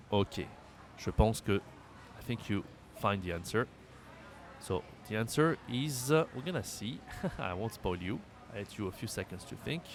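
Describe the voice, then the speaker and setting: A man with a French accent, a native French speaker, teaching a language lesson, thinking aloud with hums and self-corrections and repeating phrases slowly for learners. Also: medium pitch, fairly bright tone, slight background noise.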